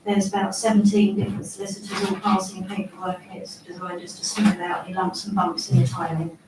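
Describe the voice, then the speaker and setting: A woman's voice: fairly low pitch, flat delivery, brisk. An Englishwoman at a council meeting, explaining matters in a matter-of-fact way. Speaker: council member. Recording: echoey chamber, distant mic, background hum.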